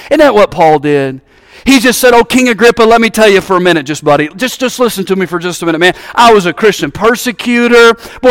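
A man's voice: no room sound, studio quality. A man from Alabama with a Southern American accent, preaching a sermon and calling out to the congregation with rising fervor. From Alabama, USA. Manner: rises to high-pitched fervent exhortation, calls out to congregation.

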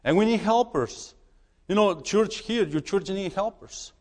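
A man who is a missionary preaching in a church, halting and repeating words as he urges the congregation. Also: high-pitched, lively intonation, darkish tone, big-room sound. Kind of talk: sermon.

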